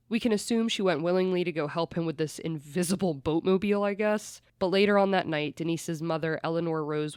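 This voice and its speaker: Podcast host, mid-pitched, chatty true-crime storyteller who swears freely; dry, close recording. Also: clear, resonant tone, no echo.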